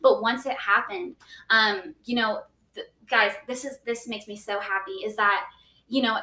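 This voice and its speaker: A woman's voice: a little high, steady tone, moderate pace, pushed and bright, far from the mic. A young woman telling a personal faith story in casual chat, earnest, with many "like"s and restarts. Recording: echoey room, voice a bit off-mic.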